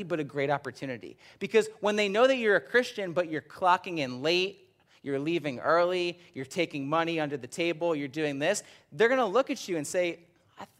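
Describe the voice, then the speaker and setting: A man's voice: fairly high pitch, a bit bright. A young man, a school teacher, preaching a conversational sermon and often checking in with his listeners.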